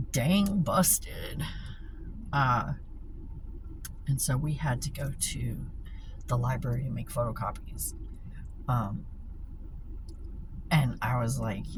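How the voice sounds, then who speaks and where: A woman vlogging casual stories while driving, blunt and profane and laughing often. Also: low-pitched. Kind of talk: casual storytelling vlog. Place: inside a car while driving. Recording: steady car noise behind. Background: road and engine noise.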